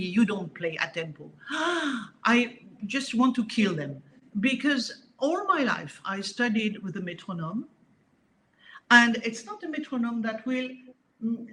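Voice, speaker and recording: A woman with a French accent, a harp teacher speaking in a casual interview, talking in an animated, emphatic way with frequent restarts. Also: fairly high pitch, slight background noise.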